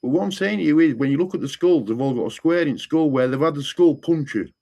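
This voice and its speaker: A man's voice: fairly high pitch, lively intonation, fast talker, mellow. Rambling man. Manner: rambling, repeats "what I'm saying to you". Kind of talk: casual conspiratorial chat.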